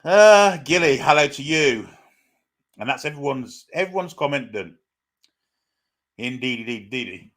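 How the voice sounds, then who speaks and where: A man hosts a live stream, casually commentating a football match while greeting viewers and reading their comments aloud in a chatty way. His medium-pitched, slightly bright voice is animated, unhurried and full of pauses.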